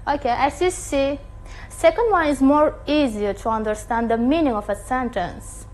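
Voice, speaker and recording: A woman teaching an online English listening lesson, speaking deliberately and often checking in with her students. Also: high-pitched, poor audio. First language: Turkish. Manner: slow, deliberate teacher talk with frequent checks.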